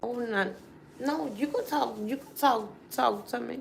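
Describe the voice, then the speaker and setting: A woman, hosting a casual livestream and talking straight to her viewers in a chatty, animated way. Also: a little high, a little slow, vocal fry, slight background noise. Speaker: livestream host.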